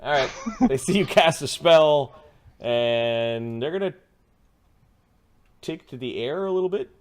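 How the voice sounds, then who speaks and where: A man narrating a tabletop game as game master, halting and full of fillers and restarts. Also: mid-range voice, clean tone.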